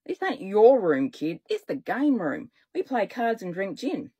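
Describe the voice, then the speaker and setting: A woman voicing a gruff, beefy male gangster from an old-style card game, talking slow, loud and tough. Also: mid-range voice, sing-song, heavily acted. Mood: mocking.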